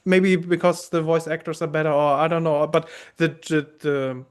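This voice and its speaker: A man's voice: a little high, flat delivery, normal speed, smooth. A man with a German accent hosting a podcast, chatting casually in a hesitant way, full of fillers and restarts. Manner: hesitant, many fillers and restarts, laughs easily. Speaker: podcast host.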